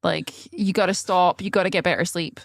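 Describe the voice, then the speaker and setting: A woman's voice: lowish voice, steady tone, creaky, dry recording, studio quality. Emphatic teasing woman co-host. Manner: emphatic, teasing, quick to argue. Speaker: comedy morning show co-host. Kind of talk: improvised comedy banter.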